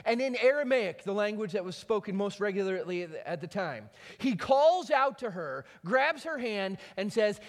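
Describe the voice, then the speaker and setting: A male pastor preaching with a high, lively voice that swings widely in pitch. He tells the story dramatically, and his voice rings with the long reverb of a large hall. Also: normal speed, hardly any pauses. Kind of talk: sermon.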